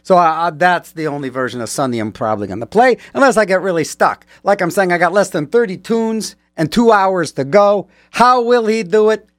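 A man's voice: sits high, brisk, hardly any pauses, a bit bright, no room sound. A man hosting a radio show in a rambling, playful way, joking his way through the ads on a studio mic. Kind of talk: casual radio chat.

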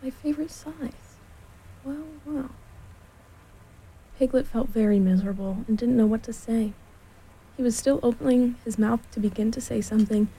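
Breathy woman reading a storybook. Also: fairly high pitch, warm tone, low-quality recording. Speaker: storybook reader. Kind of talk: reading a children's book aloud.

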